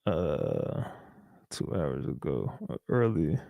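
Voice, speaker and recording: A man's voice: rumbling low, lively intonation, slow, creaky, warm tone, no echo. Casual livestream host, male, loose slangy banter, dry close mic.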